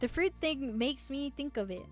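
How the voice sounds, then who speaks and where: A woman's voice: high voice, lively intonation, moderate pace. A woman streamer reading a visual novel aloud, playful and giggly, talking back to the characters. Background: faint game music.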